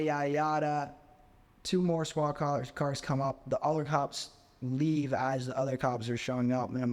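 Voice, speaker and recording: A man's voice: fairly high pitch, big-room sound. A man in his twenties, a podcast guest, telling a story in a casual way and filling his speech with "like". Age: 20s. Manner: constant "like" fillers, animated.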